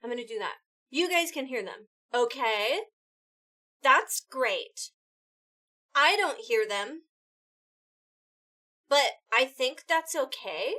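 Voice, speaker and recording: A woman live-streaming and chatting casually with her viewers, bubbly and excitable, quickly thanking people as they chip in. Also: high-pitched.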